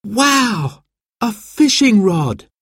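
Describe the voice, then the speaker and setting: A man doing an excited eleven-year-old boy. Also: sits high, a little slow, no room sound, studio quality, voice pushed up. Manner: eager, breathless with excitement.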